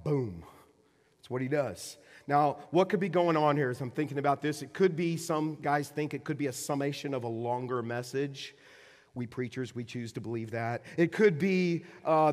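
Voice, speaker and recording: Male pastor preaching in a reverberant hall. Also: high-pitched. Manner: conversational, joking, swings between quiet and loud. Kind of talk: sermon.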